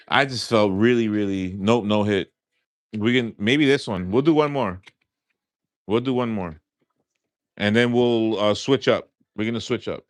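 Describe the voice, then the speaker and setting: Deep-voiced New York man chatting. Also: a bit bright, dry recording, clean studio sound. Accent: light New York. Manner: rambling, repeats words, many fillers. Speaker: streamer. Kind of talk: casual live-stream chat.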